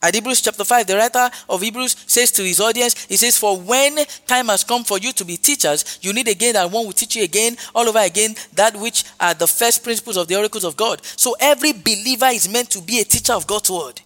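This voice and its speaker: A man's voice: high voice, quick pace, few pauses, a bit bright. A man preaching a sermon, emphatic and repetitive, punctuated with hallelujahs. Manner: emphatic, repeats phrases, frequent hallelujahs. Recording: long hall reverb with faint music.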